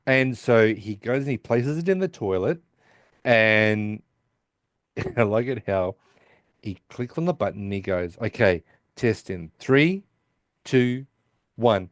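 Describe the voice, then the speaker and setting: A man's voice: fairly low pitch, expressive, slow pace, pauses often, no echo, studio quality. A man co-hosting a podcast, casually retelling a TV episode and acting out the characters' lines with restarts and asides. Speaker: podcast co-host recapping an episode. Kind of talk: casual chat.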